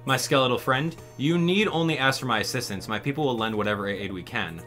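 A man's voice: mid-range voice, fast talker, bright, forceful tone, soft background music, lightly acted. A man voicing a grand, gracious mouse king in a video game, speaking in a formal, courtly way.

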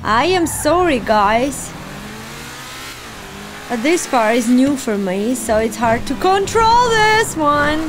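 Slow-talking high-voiced woman gamer. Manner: excitable, cheering on and scolding her character. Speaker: gaming channel host. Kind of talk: casual let's-play commentary.

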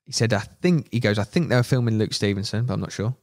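A man, a podcast guest, telling animated anecdotes in casual chat, swearing freely and acting out quoted voices. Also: on the low side, quick pace, no room sound, studio quality. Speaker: podcast guest, media manager.

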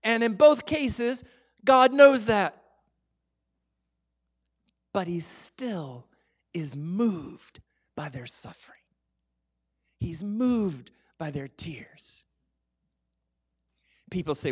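Male pastor, sermon, chatty and playful, sinks to hushed whispers on key points. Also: high-pitched, very slow, long pauses. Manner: drops to a soft whisper for emphasis; lively, conversational, sometimes joking.

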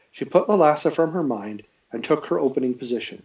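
A man reads a novel aloud in a steady storytelling voice at a middling pitch, now and then correcting himself. The recording is dull and lo-fi. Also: brisk, far from the mic. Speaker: reader. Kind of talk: reading a novel aloud live.

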